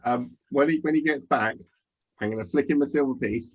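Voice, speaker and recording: A man's voice: mid-range voice, fairly quick, a little hiss or hum. Hesitant man on a dull recording. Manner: hesitant, stumbling over words. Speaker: player. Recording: dull lo-fi sound.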